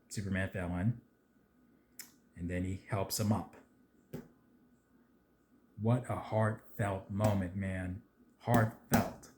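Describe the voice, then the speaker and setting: A man chatting casually about a movie trailer, rambling with lots of fillers and getting excitable at times. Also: lowish voice. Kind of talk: casual video commentary.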